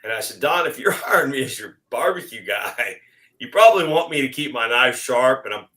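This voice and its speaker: A man's voice: mid-range voice, brisk, low-quality recording. A middle-aged man, a guest on a casual chat show, telling a long story and acting out what people said. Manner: animated, acts out quoted exchanges.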